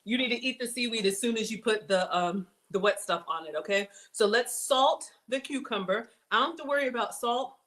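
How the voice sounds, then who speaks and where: A woman hosting a casual cooking demonstration, chatty and excitable, talking straight to her viewers as she builds a snack. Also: a little high, a little fast, few pauses. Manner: bubbly, excitable, chatty, addresses viewers as y'all. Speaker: cooking show host.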